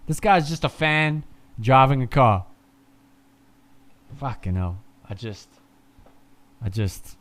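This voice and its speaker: A young man streaming casual, rambling live race commentary. He swears freely, talks excitably and sounds groggy from too little sleep. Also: medium pitch, slow pace, long pauses.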